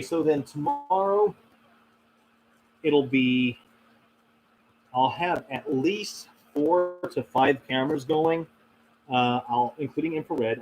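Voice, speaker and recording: In a low-quality recording, a mid-range male voice rambles through a casual live stream. The paranormal channel host reads out chat and responds, leaning on many fillers and laughing frequently.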